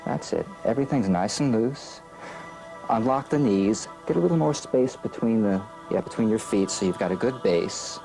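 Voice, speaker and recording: Calm low-voiced man coaching relaxation. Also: gravelly, over music. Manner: calm, slow instructions with gentle prompts. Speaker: voice and breathing coach. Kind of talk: guiding a relaxation exercise.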